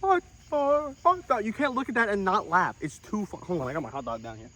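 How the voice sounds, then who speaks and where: A young man in a comedic monologue, self-important and deadpan, breaking into outraged, swearing outbursts. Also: fairly high pitch, quick pace. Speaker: comedic storyteller in character.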